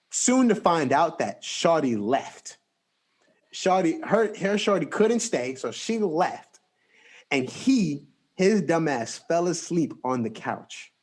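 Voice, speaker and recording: A young man hosting a podcast, telling a story in a casual, animated, slangy way. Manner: animated, slangy storytelling with big pitch jumps. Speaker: podcast host.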